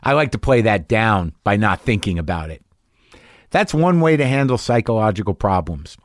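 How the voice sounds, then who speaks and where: A man's voice: fairly low pitch, sing-song, moderate pace, dry recording. Man, podcast host, solo monologue, self-deprecating, swears freely, dry close sound. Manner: self-deprecating, frank and profane.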